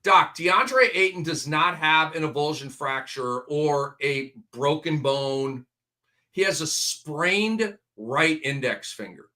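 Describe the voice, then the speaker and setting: A man hosting a late-night fantasy basketball talk show, talking in an energetic, emphatic, ranting way. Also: fairly high pitch, a little slow. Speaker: host.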